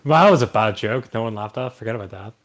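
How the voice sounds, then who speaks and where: Joking man with a lively voice. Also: on the low side, fast. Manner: joking, self-mocking. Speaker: podcast co-host. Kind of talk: casual podcast chat.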